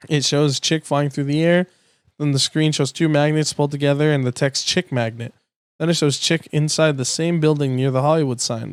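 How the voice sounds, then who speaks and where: A man's voice: fairly high pitch, smooth, no echo. A man reading a transcript aloud in a plain way, stumbling now and then and sometimes swearing. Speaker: youtuber.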